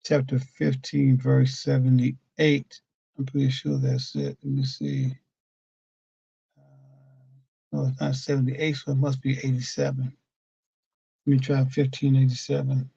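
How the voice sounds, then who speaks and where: Gravelly, dark-voiced man teaching scripture. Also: mid-range voice, dry recording, highs cut off. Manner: patient, explanatory, halting with frequent fillers. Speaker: religious teacher. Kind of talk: weekly scripture study lesson. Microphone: computer mic at a desk.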